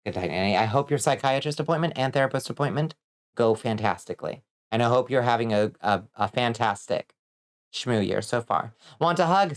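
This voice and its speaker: A woman streaming a game, chatting casually, reading chat and swearing a lot when excited. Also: extremely low pitch. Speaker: vtuber streamer.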